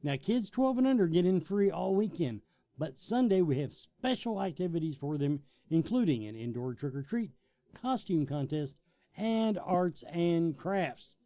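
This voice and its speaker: A man's voice: a little high, lively intonation, unhurried, warm tone, no room sound. A man hosting an interview show, joking with his guest and reading event plugs. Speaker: talk show host. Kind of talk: casual interview and promo reads.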